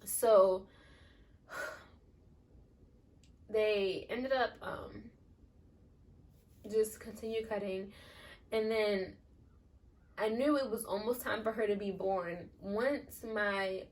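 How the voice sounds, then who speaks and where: A young vlogger who recently became a mother tells a personal story casually, drawing out her words and taking long pauses. Her medium-pitched voice has a darkish tone, and her rambling, chatty style leans heavily on "like." She's recorded from afar.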